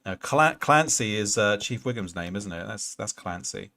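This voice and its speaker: Gravelly-voiced male game streamer. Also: fairly low pitch, animated, moderate pace, sharp tone. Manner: rambling, thinks aloud with many fillers. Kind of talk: casual let's-play commentary.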